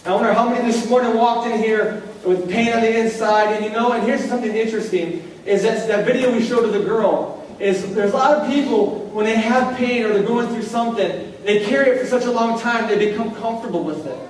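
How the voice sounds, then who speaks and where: A man preaching a sermon as pastor, in a conversational way that slows down on key lines. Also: high-pitched, slight background noise. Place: church hall. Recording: echoey hall recorded from far off.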